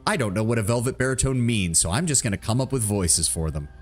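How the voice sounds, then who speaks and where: A man streaming a game, chatting casually with viewers, excitable and profane. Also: mid-range voice, fast talker, faint music behind. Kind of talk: casual gameplay commentary.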